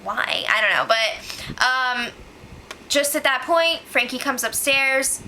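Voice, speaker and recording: Bright high-voiced woman recapping excitedly. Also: slow pace, a little hiss or hum, low-quality recording. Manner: animated, exclaiming, acts out quotes. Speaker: show recap host. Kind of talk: casual spoiler recap chat.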